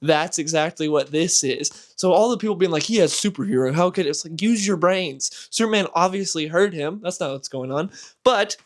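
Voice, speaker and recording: A man giving casual, animated commentary as a comic book channel host, exasperated and ranting. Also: fairly high pitch, normal speed.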